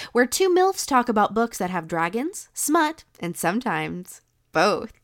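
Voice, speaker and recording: A young adult woman co-hosting a podcast in casual, joking chat. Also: fairly high pitch. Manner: playful, joking intro patter. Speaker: podcast co-host.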